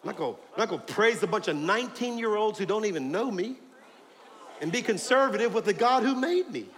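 A male pastor preaching a fervent sermon, shouting and calling out to his congregation in a church sanctuary. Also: high-pitched, lively intonation, fairly quick. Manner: fiery, preaching with shouts and call-outs to the congregation. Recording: long hall reverb, faint crowd and noise.

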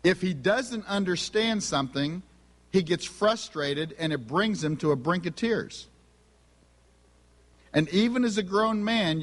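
A middle-aged man preaching with a slightly raised pitch, spinning humorous family anecdotes and voicing the people in them. His voice carries a long reverb, as if recorded in a large hall. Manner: humorous storytelling, acts out family dialogue. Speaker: speaker on family and spiritual gifts. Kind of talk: sermon with personal stories.

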